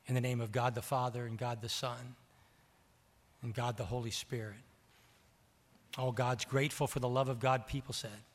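A man preaching a sermon in a church, animated and voicing the characters' words, repeating phrases for emphasis. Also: medium pitch, moderate pace, long pauses. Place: church sanctuary. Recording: long reverb of a large hall.

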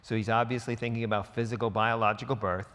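A man's voice: on the low side, level tone, quick pace, fairly bright tone. A man preaching a sermon as pastor, emphatic and conversational, slipping into quoted asides. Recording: reverberant hall.

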